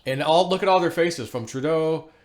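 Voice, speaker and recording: A man's voice: on the high side, normal speed. A man hosting a casual solo video, reading online posts aloud and rambling through them with loose fillers and the odd chuckle. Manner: rambling, animated, laughs to himself, frequent fillers. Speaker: vlogger.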